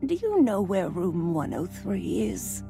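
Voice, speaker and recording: A woman voicing a frail, timid elderly woman with a quivering voice, speaking slowly and gently. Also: lowish voice, very animated, vocal fry, over loud music, exaggerated voice. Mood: meek. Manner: slow, gentle and hesitant. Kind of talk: reading a game aloud with voices.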